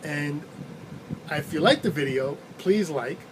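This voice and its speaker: A man's voice: fairly high pitch, takes it slowly, noisy background. A male rideshare driver casually telling a rambling story, chuckling now and then as he goes. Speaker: rideshare driver and channel host.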